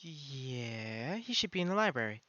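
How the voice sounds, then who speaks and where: A man voicing a young woman with a light, airy voice, relaxed and easygoing. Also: mid-range voice, a little slow, no echo, highs cut off. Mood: easy.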